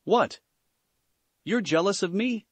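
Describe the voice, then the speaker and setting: A woman's voice: medium pitch, animated, takes it slowly, darkish tone, slightly rough, no room sound, voice pushed up. A man voicing a cheerful, bubbly teenage girl acrobat in a fan-fiction story reading.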